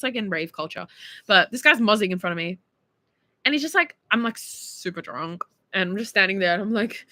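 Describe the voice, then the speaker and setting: Reading viewers' texts aloud on her stream, this Australian woman in her twenties is chatty and giggly, packing her talk with fillers. Her voice is slightly high, bright and forceful, and there's no echo.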